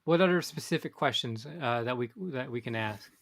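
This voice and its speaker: A man's voice: mid-range voice, a little fast, fairly bright tone. A man, co-hosting a casual fishing podcast and talking in a rambling way with many restarts. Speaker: podcast co-host. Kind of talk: casual chat.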